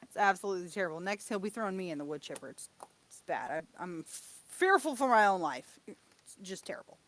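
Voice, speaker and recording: A woman's voice: on the low side, big pitch swings, fast, a bit bright. A woman in her thirties chatting casually and rambling about characters, laughing at herself often. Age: 30s. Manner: giggly, self-deprecating, rambling.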